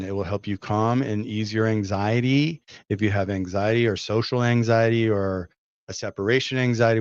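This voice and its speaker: A man's voice: on the low side, dry recording, muffled recording. A man hosting a casual live stream, chatting and answering viewer questions. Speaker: host of a live stream selling pet herbal products.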